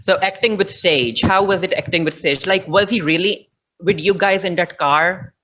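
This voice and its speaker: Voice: medium pitch, normal speed, bright, forceful tone. An interviewer asking questions in a chatty, informal way and building up to its news. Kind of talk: casual interview. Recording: dull, lo-fi sound.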